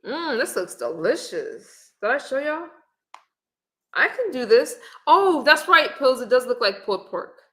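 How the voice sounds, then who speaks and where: A middle-aged woman hosts a relaxed livestream, chatting to viewers straight into her camera. Her voice is bright, and her easygoing manner holds as she reads comments and recipes aloud. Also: high voice, a little slow. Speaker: livestream host. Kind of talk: casual live-stream chat. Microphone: webcam or phone on camera.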